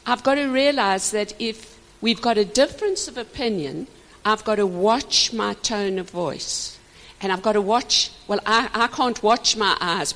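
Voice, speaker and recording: Expressive older woman, lively pitch, echoing hall. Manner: expressive and passionate, laughing often. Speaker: minister teaching couples. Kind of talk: couples teaching session. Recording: reverberant hall.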